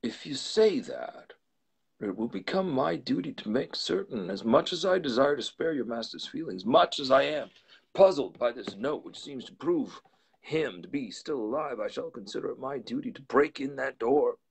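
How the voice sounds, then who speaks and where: A middle-aged lawyer, read by a man, grave and deliberate, reasoning calmly through the trouble. The voice is husky, and its pitch moves widely over the measured phrases. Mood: resolute. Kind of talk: live storytelling reading.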